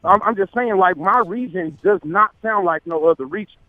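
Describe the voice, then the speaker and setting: Male caller with a St. Louis accent: high voice, earnest and emphatic, on a dull, muffled line. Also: moderate pace, dry recording. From St. Louis, US Midwest. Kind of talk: call-in opinion.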